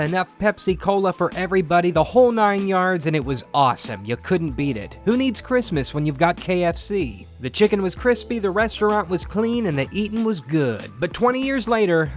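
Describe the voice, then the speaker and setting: A man in his late twenties delivers a scripted commentary, sarcastic and emphatic, dropping slang as he goes. His voice sits high for a man. Faint music plays under him.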